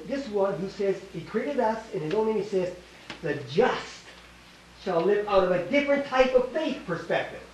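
A man's voice: sits high, darkish tone, very echoey. Older man, Canadian accent, emphatic church teacher, faint hiss, distant mic. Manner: emphatic, repeats words, quizzes the audience. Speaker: Bible teacher. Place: small church hall.

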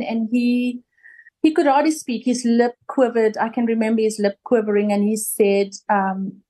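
Emotional South African woman, higher voice. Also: a little mellow. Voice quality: halting, with many restarts. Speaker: interview guest. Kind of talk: emotional personal recollection.

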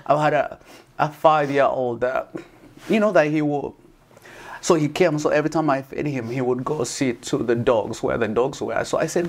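Earnest guy in an interview, keeps restarting, lots of "you know", mid pitch. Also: normal speed. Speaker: guest, foster parent. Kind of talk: conversational interview.

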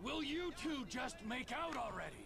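A crude, taunting thug. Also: male voice, very high voice, lively intonation, moderate pace, vocal fry, heavily acted. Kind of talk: video game voice acting. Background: game music.

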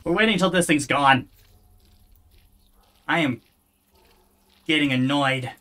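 A gamer talking to themself while playing, with dry, sarcastic asides and quiet muttering. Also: medium pitch, slow, pauses often. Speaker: let's play gamer. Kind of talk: casual gameplay commentary.

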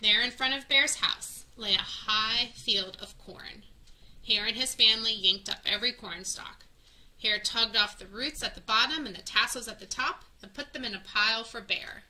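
A woman's voice: a little high, normal speed, pushed and bright, rough recording. A woman reading a children's picture book aloud, stopping to add friendly teaching asides. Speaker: children's story reader.

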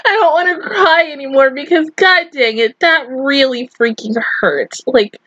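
A woman's voice: high voice, measured pace, a bit bright, no echo, muffled recording. A young woman reacting to an anime film, teary and sore-throated from crying, exclaiming, laughing through tears and swearing. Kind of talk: emotional reaction commentary.

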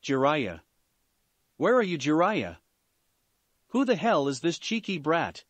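Brief: a man doing a huge hot-headed toad boss, loud and growling, lively pitch, storybook reading. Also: takes it slowly, dry recording, full character voice. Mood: angry.

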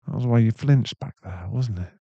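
A young man in a whispered role-play, voicing a caring, protective boyfriend who speaks softly and reassuringly, with a gravelly voice. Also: fairly low pitch, no echo, muffled recording. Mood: tender. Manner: soft, reassuring, slow-spoken. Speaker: ASMR voice actor.

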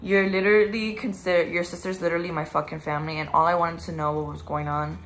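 Young woman, lowish voice, tearful, angry cursing rant, vlog, faint background hiss. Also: little pitch movement, fast talker. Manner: grieving then angry, profane ranting. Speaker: vlogger. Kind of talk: emotional direct-to-camera vlog.

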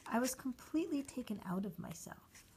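A woman reading a short story aloud, slowly and deliberately, giving the characters' lines their own voices. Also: a little high, expressive, darkish tone, a little hiss or hum. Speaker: reader.

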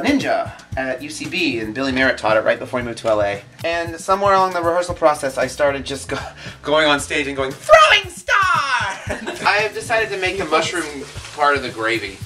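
A man's voice: fairly high pitch, lively intonation, a little fast, fairly bright tone, soft background music. A man cooking and chatting casually, joking and swearing often. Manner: profane, joking, playful. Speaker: home cook guest. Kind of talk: casual cooking demo and chat.

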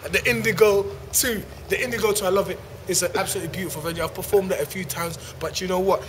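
A man's voice: high-pitched, fairly even intonation, fast talker, a little hiss or hum. A man, a stand-up comedian riffing playfully and rambling through a promo to camera. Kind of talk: improvised comic promo to camera.

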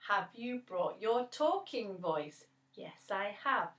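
English woman, music teacher for children, slow and clear, echoey room. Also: mid-range voice, expressive, a bit bright. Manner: slow, clear teaching voice, sings and counts beats. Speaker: primary school music teacher. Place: at home, seated.

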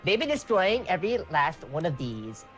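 A woman's voice: fairly low pitch, sing-song, normal speed, soft background music. A teenage girl joins a let's play over voice chat, making goofy jokes and exaggerated remarks. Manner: goofy, joking. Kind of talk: casual chat while playing a game.

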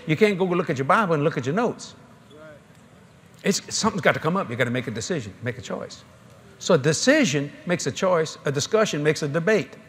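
A man's voice: a little high, husky. A middle-aged man, preaching a sermon in a folksy storytelling way at a large convention. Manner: folksy, animated storytelling with laughter.

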